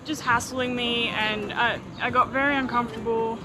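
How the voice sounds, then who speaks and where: A woman's voice: on the high side, fairly even intonation, moderate pace. A woman travel vlogger earnestly telling how she was made uncomfortable, speaking casually to camera. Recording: clear street noise behind.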